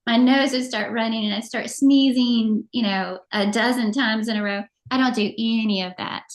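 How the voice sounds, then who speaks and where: A middle-aged woman co-hosting a casual chat show, telling animated stories and laughing often. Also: fairly high pitch, moderate pace. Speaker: podcast co-host.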